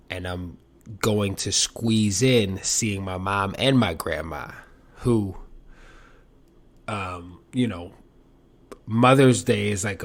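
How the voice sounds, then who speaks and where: Rambling, self-mocking male podcast host. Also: lowish voice. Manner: rambling, self-mocking, animated swings in loudness. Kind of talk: solo podcast monologue.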